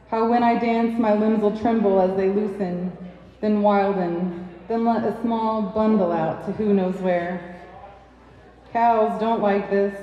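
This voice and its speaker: A woman reading a poem in the voice of a grieving rural farm woman with a plain, halting country cadence. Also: mid-range voice, close to an everyday voice. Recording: echoey dull sound from a distant mic in a pub.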